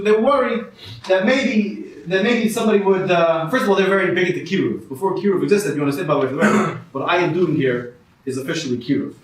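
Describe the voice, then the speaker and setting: High-voiced man doing rambling stand-up. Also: fairly bright tone, slight background noise. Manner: rambling storyteller, sprinkles Hebrew and Yiddish words. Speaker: stand-up comedian. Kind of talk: stand-up comedy set. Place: small comedy venue with a live audience. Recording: echoey room from far off with a laughing crowd.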